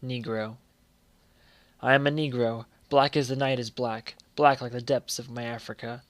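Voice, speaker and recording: Man reciting poetry, measured and low-key. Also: steady tone, dry recording. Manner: measured, letting line ends fall quiet. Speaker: poetry reader.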